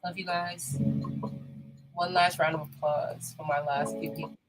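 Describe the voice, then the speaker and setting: A woman with a New York accent hosting a casual live chat, lively and swinging in pitch and loudness. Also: a little slow, low-quality recording. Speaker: livestream host. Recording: music playing behind.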